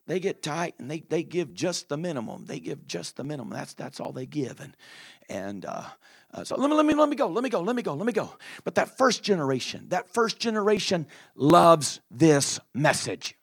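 A man preaching a sermon in a fiery manner, shouting drawn-out phrases with frequent filler uhs. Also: fairly high pitch, big pitch swings, vocal fry.

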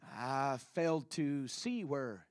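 A preacher voicing a calm, reproachful Jesus. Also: male voice, mid-range voice, slow, no echo, clean studio sound, voice pushed down. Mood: gentle rebuke. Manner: quiet, patient, rebuking. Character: calm, gently reproachful Jesus, adult male.

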